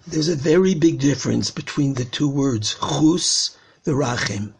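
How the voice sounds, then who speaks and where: A man's voice: mid-range voice, animated, unhurried, creaky, breathy edge. An older man, a rabbi, giving an earnest recorded talk on prayer, repeating phrases as he pleads. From Israel.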